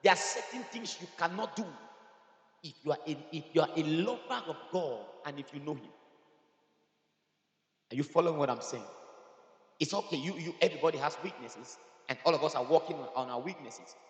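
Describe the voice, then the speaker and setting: A male pastor delivers a sermon in a fairly high voice. He teases the congregation with quiet asides, then drives his points home at full shout. The sound rings with the long reverb of a church hall. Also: a little fast, long pauses. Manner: emphatic, swings from soft asides to shouting; teasing the congregation.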